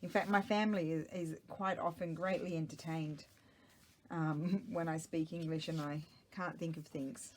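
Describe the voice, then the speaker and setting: A middle-aged woman with a low voice chats loosely as she works on a craft project, thinking aloud and wandering off topic. She talks into a small microphone at home, with a faint hiss behind her. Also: steady tone, moderate pace, darkish tone. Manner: chatty, rambling, talks to herself while working. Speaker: craft vlogger. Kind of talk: casual chat while crafting.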